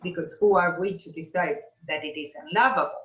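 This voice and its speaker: A woman speaking as a guest on a video call, reflective and musing with hesitant pauses. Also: fairly low pitch, fairly bright tone, echoey room, dull audio. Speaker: interview guest.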